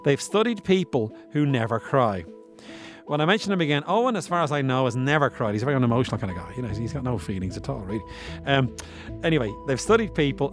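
A man hosting a podcast, explaining science in a casual, musing way with self-deprecating asides. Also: mid-range voice. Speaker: podcast host.

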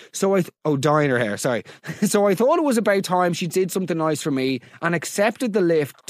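Animated man hosting a comedy podcast. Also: a little high, no room sound, clean studio sound. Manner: animated, incredulous, laughs while reading. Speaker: podcast host. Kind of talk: comedic podcast chat, reading listener stories.

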